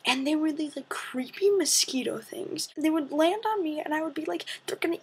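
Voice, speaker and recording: A teenage girl telling a story to her vlog audience in a lively, dramatic way, with whispered asides. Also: sits high, moderate pace. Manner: animated, dramatic retelling with breathy asides. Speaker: vlogger. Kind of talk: casual storytelling to camera.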